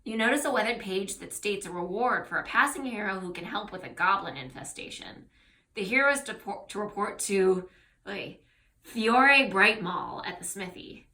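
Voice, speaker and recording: Bright-voiced woman reading a gamebook. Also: mid-range voice, moderate pace. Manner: steady reading with casual asides. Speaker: game master. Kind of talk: reading a gamebook aloud to players.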